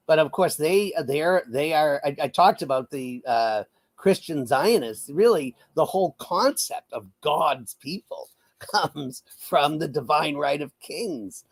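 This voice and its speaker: Slow, wry male political commentator. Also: on the high side. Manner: wry, laughing, full of fillers. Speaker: guest commentator.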